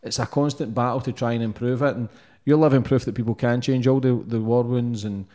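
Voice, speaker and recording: A man's voice: medium pitch, fairly even intonation, a little fast, mellow. A man hosting a podcast interview, reflective and casual, swearing now and then. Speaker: podcast host.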